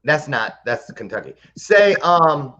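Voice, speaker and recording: A man's voice: fairly high pitch, big pitch swings, slow, pushed and bright, lo-fi sound. A man hosting a casual podcast interview, playful and joking. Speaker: podcast host.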